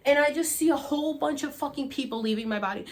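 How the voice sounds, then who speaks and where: High-voiced woman telling a wild story. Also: quick pace. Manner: animated, swears freely, acts out her own cries and gasps. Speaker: vlogger. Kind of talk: casual storytelling to camera.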